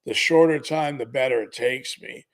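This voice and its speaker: A man's voice: medium pitch, normal speed. A man in his fifties hosting a live sports betting show, upbeat and talking straight to his viewers, whom he keeps calling "gurus". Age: 50s. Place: studio.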